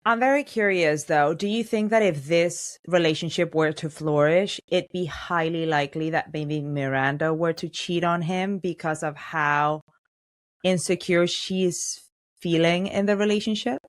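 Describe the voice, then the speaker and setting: Lower-voiced woman hosting a podcast recap. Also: measured pace. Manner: animated storytelling, acts out characters' lines. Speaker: podcast host. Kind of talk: casual podcast recap chat.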